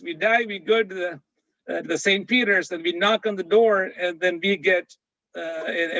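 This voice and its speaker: Motivational speaker addressing students, high-pitched man, dry and muffled. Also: pushed and bright, no room sound. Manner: storytelling, halting with fillers and repeats. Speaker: conference speaker. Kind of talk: motivational talk to students with a parable.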